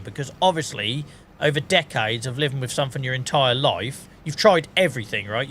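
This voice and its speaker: A man's voice: fairly high pitch, pushed and bright, a little hiss or hum. A British man streaming a game, chatting casually and ranting, laughing often at his own jokes. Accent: British English. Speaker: gaming streamer. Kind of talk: casual live-stream chat.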